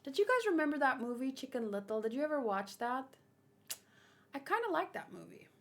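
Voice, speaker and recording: A woman's voice: high voice, big pitch swings, fairly quick. A woman hosting a manga read-along, chatting casually with playful, sarcastic asides.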